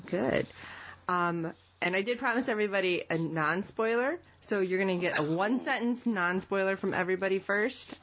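A woman's voice: mid-range voice, normal speed, a bit bright, dull audio. A woman hosting a casual group podcast, upbeat and laughing often as she introduces her guests. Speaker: podcast host.

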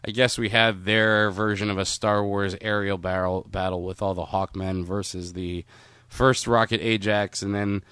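Male podcast host, low and smooth; rambling, jokey movie talk, dry close sound. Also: little pitch movement, normal speed, a bit bright, dry recording. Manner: rambling, jokey, acts out quotes. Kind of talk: casual movie-discussion chat.

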